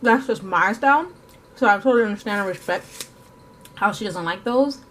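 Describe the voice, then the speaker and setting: A woman's medium-pitched, animated, fairly bright voice moves at normal speed over slight background noise. She's an art vlogger chatting in a casual, rambling way, with lots of fillers and self-corrections and the occasional word spoken while eating.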